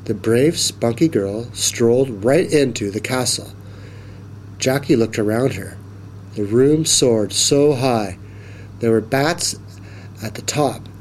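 A man reading a children's story aloud in a slow, expressive manner. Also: mid-range voice, slight background noise.

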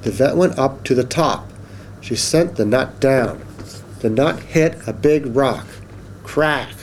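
A man reads a children's phonics book aloud, spacing out each simple word with slow, careful enunciation. His voice sits at an ordinary middle pitch, with a faint hiss in the background. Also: darkish tone. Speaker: storybook reader.

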